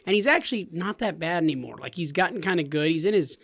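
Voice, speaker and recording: A man's voice: fairly high pitch, expressive, quick pace, gravelly, a bit bright, slightly rough, dry recording. A middle-aged man co-hosting a casual gaming podcast, chatting with joking, teasing banter. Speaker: podcast co-host.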